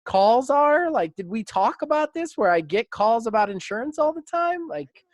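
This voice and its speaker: Animated man telling a story. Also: moderate pace, no echo. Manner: animated storyteller, lively pitch swings. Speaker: podcast host. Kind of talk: casual chat.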